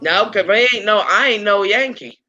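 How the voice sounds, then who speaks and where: A woman's voice: medium pitch, normal speed, bright, forceful tone, highs cut off. A woman from West Virginia with a Southern Appalachian accent, chatting casually on a live stream, rambling and hesitant.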